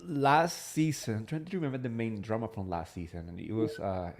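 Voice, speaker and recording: A man's voice: lowish voice, brisk. A man hosting a casual chat show, talking with enthusiastic gossip and many filler words. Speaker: podcast host.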